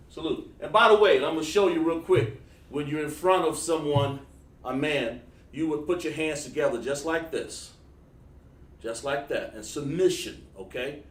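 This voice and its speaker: A man's voice: a little high, distant mic. A man giving a casual livestream lesson on Hebrew letters, chatting with viewers while he draws on a board. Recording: echoey room, voice away from the mic.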